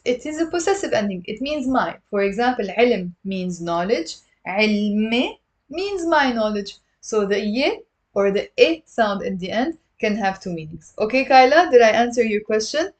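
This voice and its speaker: A woman teaching a live-streamed language lesson, patiently repeating words slowly for her learners. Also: fairly high pitch. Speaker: Lebanese Arabic teacher. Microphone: livestream camera mic.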